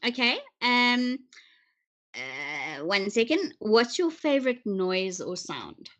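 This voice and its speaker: A woman's voice: mid-range voice, very animated, fairly bright tone. Woman hosting a chill interview, chatty, lots of ums, normal mid voice. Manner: chatty, many ums, quick question-asking. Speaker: interview host.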